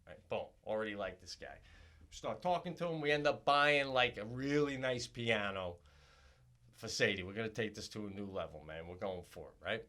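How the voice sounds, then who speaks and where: Man, podcast co-host, bright forceful voice, casual comedic storytelling, profane, pitch shooting up when riled. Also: moderate pace. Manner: animated, profane, voice climbing high and loud when worked up; laughs while telling stories.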